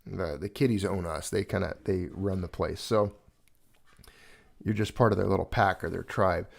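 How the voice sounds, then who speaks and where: A man's voice: sits low, fairly even intonation, moderate pace, vocal fry. Earnest rambling man on a livestream. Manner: rambling, earnest, emotional when speaking of a lost pet. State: choked up. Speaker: livestream host. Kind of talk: casual livestream talk.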